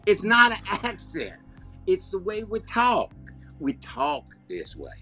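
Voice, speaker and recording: A man with an Alabama Southern accent, hosting a comedy show and rambling deadpan through comic banter. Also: high-pitched, slow, soft background music. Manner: rambling, deadpan, self-interrupting.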